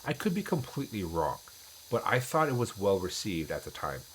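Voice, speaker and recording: A man's voice: on the low side, very animated, a little fast, slight background noise, rough recording. A man streaming a game and chatting casually with viewers, rambling with many restarts. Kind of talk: casual chat while gaming.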